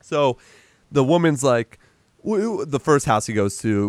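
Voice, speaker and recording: A man casually recapping a movie in conversation, jumping into loud animated impressions of the characters and swearing freely. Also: medium pitch, normal speed, dry recording, studio quality. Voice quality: animated retelling, acts out characters in a raised voice, swears. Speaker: podcast co-host.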